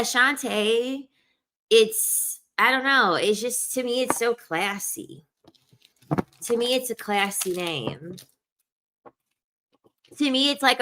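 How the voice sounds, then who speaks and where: A woman's voice: lowish voice, bright, forceful tone. A woman chatting casually to her viewers, emphatic and repeating herself, laughing often. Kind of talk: casual chat to camera.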